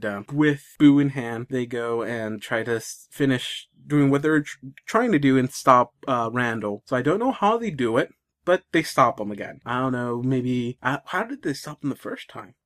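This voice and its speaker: A man's voice: medium pitch, expressive, normal speed. A young man casually retelling a movie plot, rambling with lots of restarts. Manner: rambling, many fillers and restarts.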